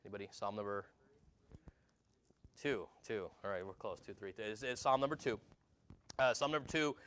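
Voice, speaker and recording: A man's voice: lowish voice, steady tone, normal speed, long pauses, a bit bright. A man preaching a sermon in a church, talking casually, repeating himself and asking the congregation questions. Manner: conversational, repeats words, asks the congregation questions. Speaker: pastor.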